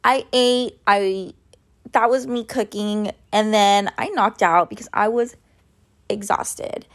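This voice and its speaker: With a medium pitch and a slow pace, a woman in her mid-thirties vlogs casually from home amid kitchen noise. She chats straight to viewers, ranting and swearing without restraint.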